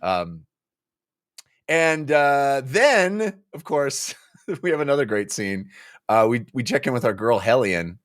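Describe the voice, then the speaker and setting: Male podcast co-host, expressive pitch, dry close sound, acts out characters mid-chat. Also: slow, dry recording. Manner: animated, acts out characters with laughter. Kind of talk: casual book-club chat.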